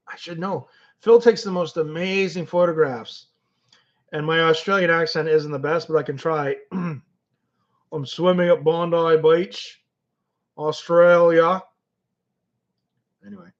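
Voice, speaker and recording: A Canadian man runs a loose livestream, answering viewers by name and wandering from topic to topic while reading comments. His voice is a little high, and he often repeats and restarts his words. The audio is dull and lo-fi.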